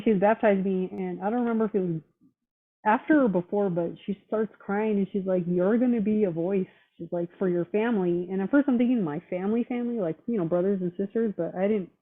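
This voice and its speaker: A woman in casual chat, talking bluntly and with heavy profanity, fired up and determined. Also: medium pitch. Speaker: roundtable guest. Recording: tinny phone-line audio.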